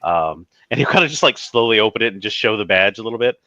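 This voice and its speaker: A man's voice: on the low side, lively intonation, quick pace, pushed and bright, dry recording, highs cut off. A man playing his character in a tabletop game, speaking formally and narrating his own actions. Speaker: player. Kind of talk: in-character tabletop role-play.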